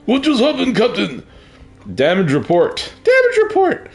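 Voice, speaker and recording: A man doing a shrill panicky young ensign. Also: huge pitch swings, slow, faint music behind, heavily acted. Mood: panicked. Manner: high, strained shouting.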